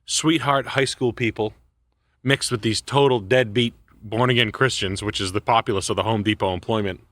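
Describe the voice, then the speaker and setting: A man's voice: on the low side, fairly even intonation, moderate pace, fairly bright tone, dry recording. A man co-hosting a casual podcast chat, telling rambling, profane comic stories into a close mic. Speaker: show co-host.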